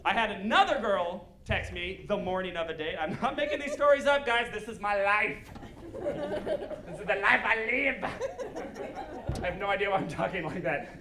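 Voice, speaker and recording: A man doing a stand-up comedy set on stage, animated and breaking into shouted punchlines. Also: high-pitched, a little fast. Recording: live show with audience laughter. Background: crowd laughing.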